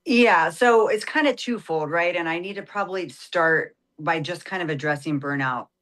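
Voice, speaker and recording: A woman's voice: on the low side, moderate pace, a bit bright. A woman, an ER nurse guest, explaining in a radio interview and often adding "right?" and "like".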